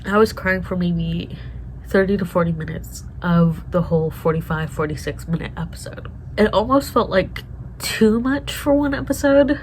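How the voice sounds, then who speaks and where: A woman's voice: fairly low pitch, moderate pace, darkish tone, a little hiss or hum, rough recording. A woman vlogger reacting to a TV show in casual chat, emotional and swearing often as she talks to herself.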